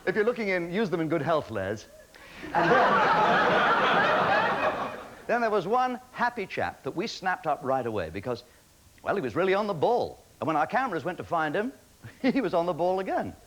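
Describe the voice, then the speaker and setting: A man hosting a television talent show, joking in lively patter with chuckling asides. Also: a little high, a little fast, heavy background noise. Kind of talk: TV host patter with jokes.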